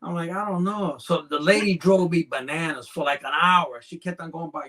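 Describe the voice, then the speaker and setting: Speaking at a normal speed, this snake breeder has a slightly high voice that comes across pushed and bright. As a podcast guest he rambles through casual anecdotes, repeatedly dropping "you know."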